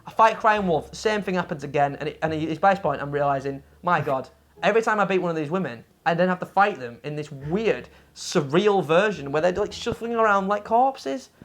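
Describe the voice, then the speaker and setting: A woman's voice: on the low side, expressive, fairly quick. A woman co-hosting a game review show, ranting about a game in casual, profane, exasperated chat.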